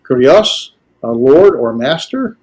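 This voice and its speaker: A man teaching a language class, lecturing in a halting way with many filler pauses. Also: medium pitch, very animated, a little mellow. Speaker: Greek teacher.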